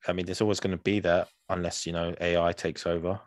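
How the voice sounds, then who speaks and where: A man's voice: sits low, flat delivery, fast talker, no room sound. A man co-hosting a podcast, chatting casually and rambling with restarts and laughs. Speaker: podcast co-host. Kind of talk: casual chat.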